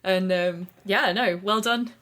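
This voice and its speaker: A woman's voice: medium pitch, takes it slowly, a bit bright, a little hiss or hum. A woman with a mild East Midlands accent hosting a casual podcast chat, giggly and rambling, often poking fun at herself. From Derbyshire, England. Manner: giggly, rambling, self-deprecating. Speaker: podcast host.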